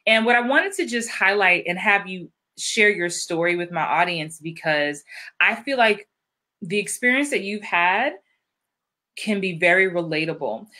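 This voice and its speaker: A woman's voice: mid-range voice, pushed and bright. A woman hosting a live-streamed interview as an acting coach, upbeat and chatty, greeting viewers by name.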